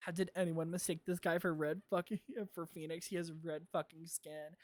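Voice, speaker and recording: A woman's voice: lowish voice, normal speed, few pauses, fairly bright tone, dry recording, clean studio sound. A woman streaming a game, rambling through her commentary with casual swearing and frequent laughs. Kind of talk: gameplay commentary. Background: faint lo-fi music.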